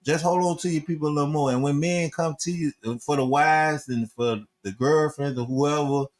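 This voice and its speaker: A man's voice: fairly high pitch, fairly even intonation, moderate pace. A man, co-hosting a casual panel discussion and giving earnest, preachy advice. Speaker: talk show co-host.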